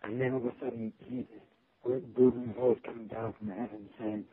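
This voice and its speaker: A male author guest talking earnestly in a casual interview, halting often and restarting his sentences. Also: mid-range voice, flat delivery, slightly rough, no room sound. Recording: tinny phone line.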